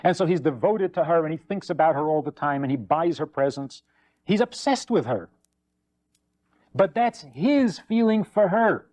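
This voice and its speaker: Male rabbi lecturer, slightly high voice, emphatic and lively delivery. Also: moderate pace. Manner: animated, acts out anecdotes with shifting voices; emphatic repetition. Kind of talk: spoken lecture on faith.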